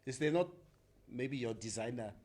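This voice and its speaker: A man's voice: medium pitch, moderate pace, darkish tone. A man co-hosting morning radio, playful and laughing as he chats. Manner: playful, laughing, code-switching. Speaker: radio show co-host. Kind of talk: casual morning radio banter. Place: radio studio.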